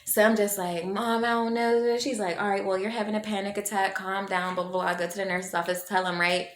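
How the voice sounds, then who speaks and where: A woman's voice: medium pitch, fast talker. A woman vlogger telling a story to camera in a casual, slangy way, acting out what people said. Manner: animated, slangy, acts out quoted voices. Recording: echoey room with faint noise.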